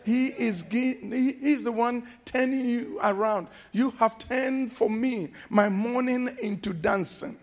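A man preaches a sermon as a pastor in an extremely high-pitched voice, slow and emphatic, repeating refrains and bursting into shouted exclamations.

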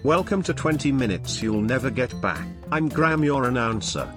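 A man's voice: mid-range voice, lively intonation, moderate pace, voice pushed up, close to an everyday voice. A man putting on the voice of a dry, formal male show announcer. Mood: deadpan. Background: music bed.

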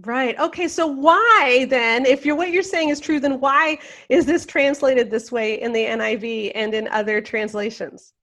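High-voiced woman asking clarifying questions. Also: moderate pace, hardly any pauses, a bit bright. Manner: asks clarifying questions, restates points plainly. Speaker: interviewer. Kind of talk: conversational interview questions.

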